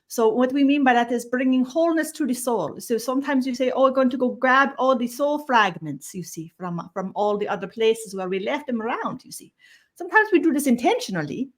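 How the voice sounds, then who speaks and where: A woman voicing an ageless otherworldly star-being, speaking slowly in a sing-song way with broken grammar and a constant "you see". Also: a little high, voice pushed up, close to an everyday voice. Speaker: channeled guide. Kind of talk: spiritual channeling session.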